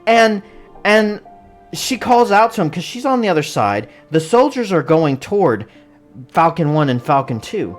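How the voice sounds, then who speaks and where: Rambling movie reviewer, jokey, laughs a lot, voice jumps all over, soft music underneath. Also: mid-range voice, very animated, normal speed. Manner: rambling and joking, laughs often. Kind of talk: casual spoiler-filled recap.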